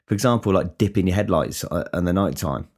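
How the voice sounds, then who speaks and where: A man's voice: deep voice, brisk, a little mellow. A man hosting a casual solo podcast, rambling and swearing with many restarts. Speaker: podcast host.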